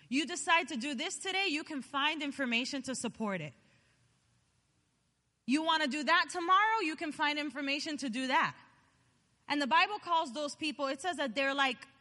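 A woman preaching a sermon, animated and chatty, joking with her listeners as she tells a story. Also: high voice, in a large hall. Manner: animated, chatty, jokes with the audience.

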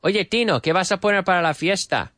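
A man's voice: high voice, fast talker, bright, forceful tone, no echo, studio quality. A man teaching English to Spanish speakers, drilling short questions and answers over and over and explaining how native speakers link words. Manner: drills example phrases, repeating questions and answers.

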